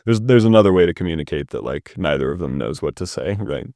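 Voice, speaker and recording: Casting: deep-voiced young male host, casual writing critique, dry close sound. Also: animated, quick pace, mellow, dry recording. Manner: casual, hedging, ends points with "right?". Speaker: host critiquing a submitted story.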